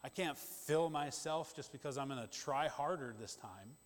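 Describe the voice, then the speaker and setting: A man preaching a sermon in a conversational, emphatic way, with quick asides to the congregation. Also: medium pitch. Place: church sanctuary. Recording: long church-hall reverb.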